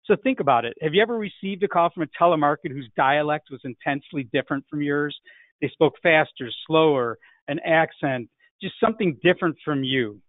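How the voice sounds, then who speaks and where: A man's voice: on the high side, brisk, dry recording. A man teaching an online sales class, emphatic and peppered with "right?" tags. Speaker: sales coach. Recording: tinny phone-like line, dry.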